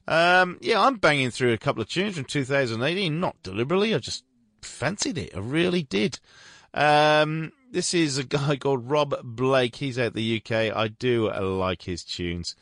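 A male radio presenter talks his listeners through the tracks in a loose, rambling, upbeat way. His voice has a gravelly edge, and it is recorded close and dry in a radio studio. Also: medium pitch, very animated, normal speed, fairly bright tone, dry recording. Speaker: radio host.

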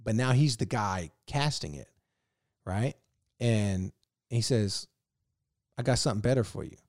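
A man from Virginia telling animated stories as a podcast guest, cursing freely in casual chat. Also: lowish voice, measured pace, dry recording, clean studio sound. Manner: animated, profane, laughing storyteller. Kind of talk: casual storytelling.

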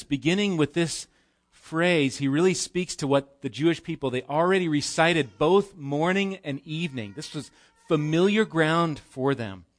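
A man preaching a live sermon in a church, explaining scripture conversationally with rhetorical questions. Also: a little high. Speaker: pastor.

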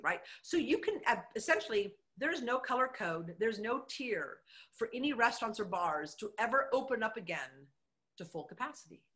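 A middle-aged woman, a former mayor, telling her story with emphatic, animated energy in a conversational interview. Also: fairly high pitch.

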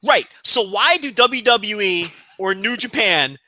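A man's voice: high voice, animated, unhurried, sharp tone, no echo. A man co-hosting a podcast, ranting in a profane, emphatic, casual chat. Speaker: podcast co-host.

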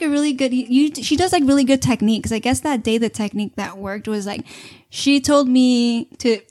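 A young woman hosting a podcast, chatting casually and animatedly with lots of fillers and swearing. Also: medium pitch. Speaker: podcast host. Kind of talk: casual chat.

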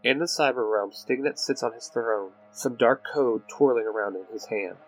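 A man's voice: medium pitch, normal speed, few pauses, soft background music, low-quality recording. A man reading the narration of a fan-made superhero audio drama. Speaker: storyteller.

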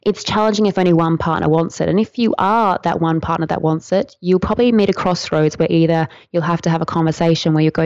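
Creaky low-voiced woman teaching. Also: fast, few pauses, no room sound. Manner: flowing, earnest, gently instructive. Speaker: tantra teacher, podcast guest. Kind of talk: podcast interview answer. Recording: dry, dull lo-fi sound.

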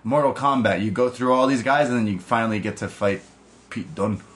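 A man's voice: mid-range voice, brisk, fairly bright tone. A man co-hosting a casual podcast, chatty and laughing often as he recaps wrestling shows. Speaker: podcast co-host. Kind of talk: casual chat.

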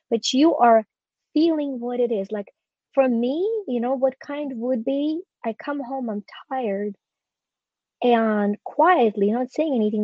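A woman's voice: on the high side, mellow, no echo, highs cut off. A woman in her forties, a guest coach on a podcast, teaching a process step by step with eager emphasis. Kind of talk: podcast conversation.

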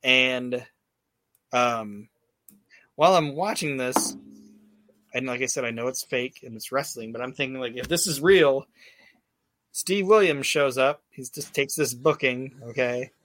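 A man's voice: medium pitch, a little slow, pauses often, fairly bright tone, no room sound. A man hosting a casual podcast, telling a rambling, profane story with lots of fillers and restarts. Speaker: podcast host. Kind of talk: casual recap chat.

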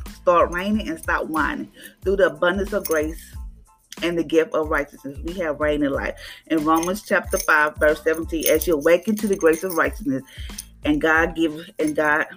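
Woman giving a casual podcast devotional. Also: sits low. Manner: conversational, preachy, acts out voices with laughs.

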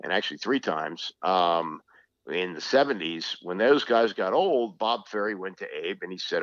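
An older man guesting on a sports talk podcast, telling old stories and quick to correct the host with what he knows. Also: low voice, expressive, fairly bright tone, no room sound, dull audio. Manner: knowledgeable, quick to correct, storytelling.

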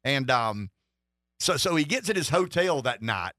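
A man's voice: medium pitch, sing-song, a little slow, pushed and bright, no room sound, studio quality. A middle-aged man hosting a political talk radio show, rambling and wry, with lots of restarts. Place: radio studio.

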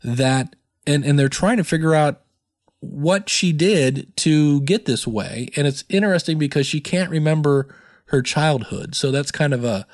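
A man's voice: on the high side, dry recording, clean studio sound. A man hosting his own podcast in a rambling, chatty way, with many fillers. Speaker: podcast host. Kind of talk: casual solo podcast chat.

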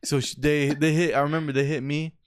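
A man's voice: on the high side, little pitch movement, brisk, a little hiss or hum. A young man hosting a podcast, telling stories in a laid-back, profane way and calling people bro. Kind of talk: casual storytelling chat.

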